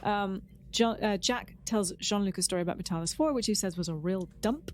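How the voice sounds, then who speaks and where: A woman's voice: medium pitch, a little fast, slight background noise. A woman co-hosting a casual podcast, chatting with enthusiasm and a lot of "um" restarts. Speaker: podcast co-host. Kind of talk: casual chat.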